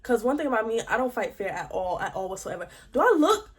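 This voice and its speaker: A young woman telling a storytime vlog in a chatty, slangy, expressive way. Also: medium pitch, quick pace, husky. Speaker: vlogger.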